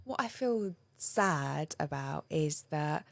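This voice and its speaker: A woman's voice: low voice, animated, slow pace, gravelly, no echo. A woman relationship coach speaking as a guest in an interview, earnest and heartfelt, often checking in with "you know" and "right?". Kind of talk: conversational interview.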